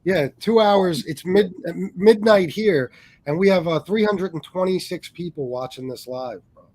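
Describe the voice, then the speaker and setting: A man's voice: sits high, normal speed, a little mellow. Male live-stream host, easygoing, calls guest bro, reads out viewer comments. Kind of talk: casual chat.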